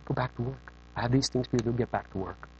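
A man voicing God as a stern, low, hushed voice giving orders, on a dull lo-fi recording. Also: fast, slight background noise, natural voice. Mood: firm.

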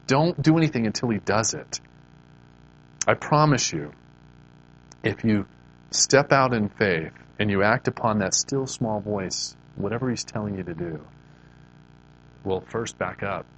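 In a roughly recorded clip with a faint background hum, a fairly low-voiced Christian speaker offers an earnest devotional talk, conversational and full of faith. He keeps restarting his sentences, repeating words as he goes.

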